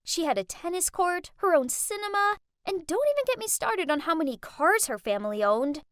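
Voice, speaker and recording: Young woman, lively high storytime narration. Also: moderate pace, no room sound, studio quality. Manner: lively, dramatic first-person telling.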